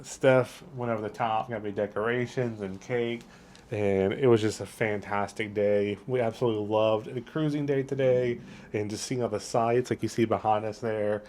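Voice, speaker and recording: Outdoors in a port town, a man hosts a casual travel vlog with eager, upbeat enthusiasm and plenty of superlatives. His fairly low voice keeps a steady tone at a moderate pace, sounds a little mellow, and carries a bit of hiss or hum.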